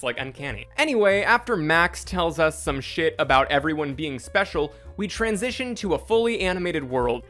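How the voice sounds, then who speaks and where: A man's voice: on the high side, bright, forceful tone. A young man hosting a sarcastic comedy commentary, casual and self-mocking. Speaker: commentary host.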